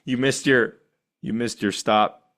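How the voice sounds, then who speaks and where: A middle-aged man teaching a meditation class, animated and laughing often, with playful asides. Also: medium pitch, slow.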